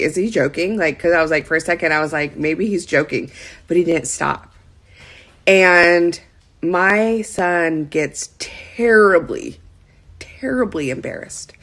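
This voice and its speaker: Chatty woman in her thirties, low-pitched. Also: fairly bright tone. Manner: chatty, heavy use of "like" fillers. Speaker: lifestyle vlogger. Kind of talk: casual storytelling.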